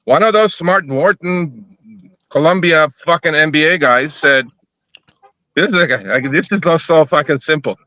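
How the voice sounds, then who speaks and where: Man for a casual live chat: bright voice, swears a lot, acts out both sides of his stories. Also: fairly high pitch, moderate pace, dry recording. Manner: profane, animated storytelling, acting out both sides of conversations.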